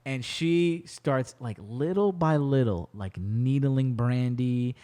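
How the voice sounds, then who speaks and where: A man's voice: medium pitch, slow pace, mellow. A young man hosting a podcast, animatedly retelling a movie in casual chat and acting out the characters' lines. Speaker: podcast host.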